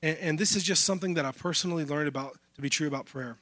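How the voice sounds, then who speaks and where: A man's voice: fairly high pitch, rapid-fire, fairly bright tone, no echo. A man preaching a sermon in a casual, conversational way. He is losing his voice. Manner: conversational preaching, addressing listeners as y'all. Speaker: pastor.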